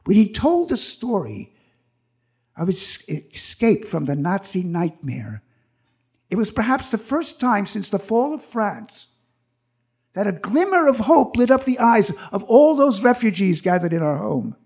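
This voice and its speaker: An older man recounts a memory on stage, his voice sitting high for a man. He tells it with animation, dropping into the voices of the people he quotes. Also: big pitch swings, unhurried, a little mellow, husky. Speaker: storyteller. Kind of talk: live personal storytelling. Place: stage at a live event.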